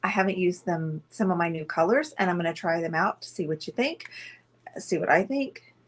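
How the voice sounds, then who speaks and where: A woman's voice: fairly low pitch, moderate pace. A woman hosting a casual live painting stream, talking chattily and rambling to viewers while she sits close to the camera at a table indoors. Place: indoors at a table, away from usual setup.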